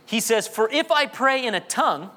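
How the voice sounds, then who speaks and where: A pastor preaching an animated sermon. His voice sits high and rises and falls sharply, from loud peaks to low asides. It carries a long reverb from a large church hall. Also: normal speed.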